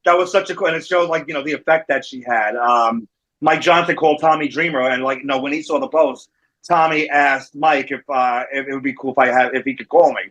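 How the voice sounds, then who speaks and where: A man's voice: medium pitch, a little fast, a bit bright, muffled recording. A man with a New Jersey accent, a wrestling manager and guest, telling stories in a casual interview over a remote call. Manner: storytelling, acting out quoted voices.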